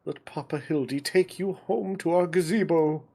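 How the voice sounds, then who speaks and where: A man doing a pompous gentleman inspector. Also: fairly high pitch, moderate pace, gravelly. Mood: tender. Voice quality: grandiose, theatrical delivery.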